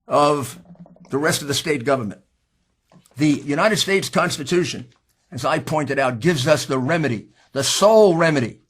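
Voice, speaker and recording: A man with a husky voice giving an impassioned, combative political speech, pushing hard on key words. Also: a little high. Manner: emphatic, combative, rising to shouts. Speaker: speaker at a political hearing.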